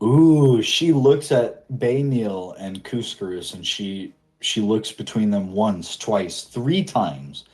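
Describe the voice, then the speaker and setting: A man narrating as game master of a tabletop game, lively, with loose fillers. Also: fairly low pitch, takes it slowly, few pauses, faint music behind.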